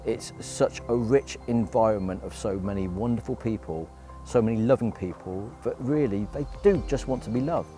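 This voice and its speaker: A man's voice: mid-range voice, mellow. A man who volunteers at a community project, speaking effusively in a documentary interview. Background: music.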